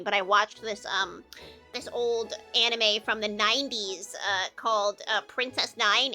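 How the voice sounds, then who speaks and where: A woman with a Midwestern accent streams live, chatting casually and answering viewer comments, her talk full of fillers. Her voice sits high and sounds bright and sharp. Soft music plays faintly behind her. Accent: Midwestern American. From American Midwest.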